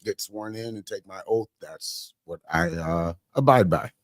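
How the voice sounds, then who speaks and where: A man talking casually on a podcast and then reading his own spoken word poem in a measured, reflective way. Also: low voice, no echo, clean studio sound. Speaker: poet and podcast guest.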